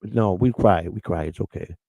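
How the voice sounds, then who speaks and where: A man's voice: sits low, brisk, creaky, warm tone, no echo. A man hosting a live-streamed show, talking in a rambling, emotional way, repeating words and getting choked up. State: emotional, near tears. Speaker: show host.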